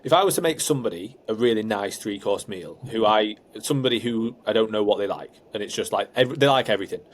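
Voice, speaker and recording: A man's voice: lowish voice, animated, fast talker, a little hiss or hum. A young man, co-hosting a podcast, laid-back and rambling with lots of fillers. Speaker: podcast co-host. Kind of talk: casual chat.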